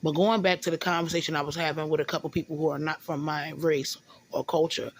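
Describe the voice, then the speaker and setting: A woman's voice: low-pitched, little pitch movement, fast, husky. A woman venting in a casual monologue, rambling and often stumbling over repeated words. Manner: rambling, repeats words, often says "you know what I'm saying".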